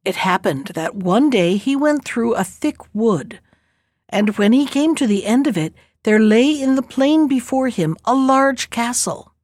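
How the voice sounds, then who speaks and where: Female storyteller, calm and measured, fairly high voice, dry close recording. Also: dry recording. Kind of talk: fairy tale narration.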